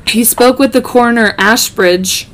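A woman's voice: fairly high pitch, moderate pace, a bit bright. A woman hosting a podcast, casually narrating a true-crime case with joking asides and many ums. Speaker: podcast host.

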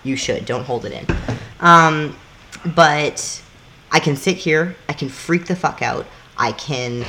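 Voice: medium pitch, moderate pace, pushed and bright, slight background noise. Chatty podcast co-host. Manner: loose and chatty, swears casually, acts out little scenes. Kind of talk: casual chat explaining a topic.

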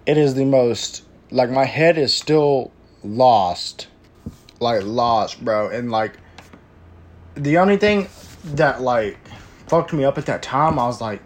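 Young man, casual storyteller, slangy and profane, rambling delivery, mid-pitched voice. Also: lively intonation, takes it slowly. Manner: slangy, profane, says "bro" constantly; rambling with filler and restarts.

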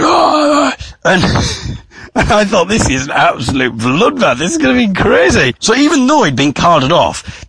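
A man telling a story about a comedy night, acting out the crowd's shouts. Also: medium pitch, husky, no echo. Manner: animated, acts out crowd shouts. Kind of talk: storytelling vlog.

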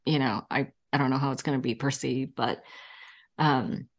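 A woman's voice: rumbling low, fairly even intonation, normal speed. A woman in her fifties, a podcast guest in casual interview chat, telling candid stories and laughing often.

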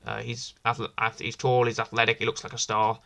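A man's voice: mid-range voice, monotone, brisk, gravelly, sharp tone. A man hosting a casual wrestling review podcast, rambling and enthusiastic, often repeating himself. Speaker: podcast host.

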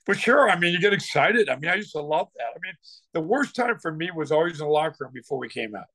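Older ex-football coach as a guest, rambling and animated, voice pitched a bit high, very dry sound. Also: male voice, quick pace, no room sound. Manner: rambling, restarts often, gets fired up telling stories. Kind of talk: casual interview talk.

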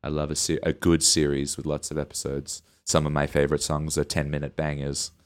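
A man with a deep, low voice co-hosts a casual comedy podcast. He rambles through his points and laughs often between lines. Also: completely flat delivery, a little fast, smooth. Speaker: podcast co-host.

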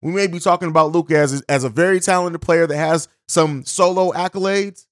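A male podcast host with a high-pitched voice talks through his opinions on his own. He is blunt and opinionated, swears casually and often restarts his sentences. The recording is dry, with no room sound. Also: fairly quick, dry recording. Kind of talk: casual solo commentary.

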